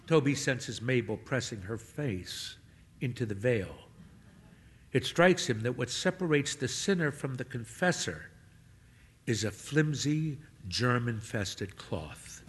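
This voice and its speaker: A man narrating a comic story in a wry, animated way. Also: mid-range voice, slow, husky, in a large hall.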